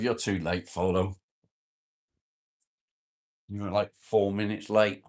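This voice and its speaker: A man's voice: lowish voice, little pitch movement, takes it slowly, long pauses. A man hosting a casual livestream, greeting viewers by name and bantering jokily as he reads their comments. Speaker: livestream host. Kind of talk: casual live chat, reading viewer comments.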